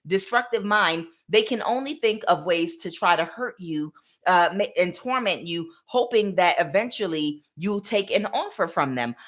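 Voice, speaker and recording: Give me an emphatic woman tarot reader talking straight to the viewer, bright and forceful. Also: medium pitch. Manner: emphatic, repetitive, direct address. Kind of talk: casual spiritual reading.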